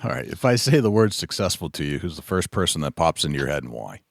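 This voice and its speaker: Male host, very low voice, wildly varied pitch, quick-fire questions. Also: sing-song, creaky, no room sound, clean studio sound. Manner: brisk rapid-fire questions, short soft acknowledgments. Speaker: podcast host. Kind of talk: casual podcast interview.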